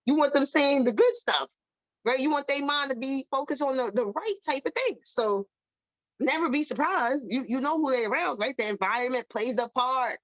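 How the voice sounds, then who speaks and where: Animated high-voiced woman host. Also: normal speed, dry recording, low-quality recording. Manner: animated, emphatic, repeats herself. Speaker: podcast host. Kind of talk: motivational talk.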